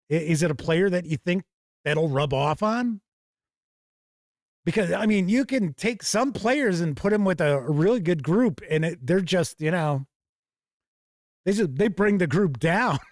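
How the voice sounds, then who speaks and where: A man's voice: sits high, unhurried, pauses often, no room sound, clean studio sound. A man hosting a live stream in a casual, chatty way, reading out viewer comments and reacting off the cuff. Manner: chatty, reads out chat comments and responds off the cuff. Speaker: host reading viewer chat. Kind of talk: casual livestream chat.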